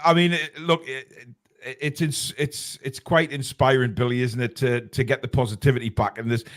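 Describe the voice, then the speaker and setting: A man hosting a casual football fan chat, halting and stammering on repeated restarts. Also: medium pitch, fairly even intonation, a bit bright. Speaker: host.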